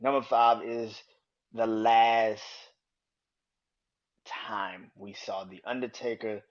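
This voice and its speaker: A man hosting his own podcast, ranting angrily and swearing, jumping from loud outbursts to low mutters. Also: fairly even intonation, slow pace. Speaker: podcast host. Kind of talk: casual solo podcast rant. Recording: dull lo-fi sound.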